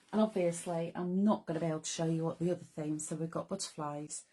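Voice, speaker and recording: A chatty woman hosts a live craft stream, her voice a little low and croaky. She talks straight to her viewers in a bubbly, friendly flow. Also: fairly even intonation, fairly quick, mellow. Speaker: craft show host. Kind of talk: casual live-stream chat. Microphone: camera or phone mic on a live stream.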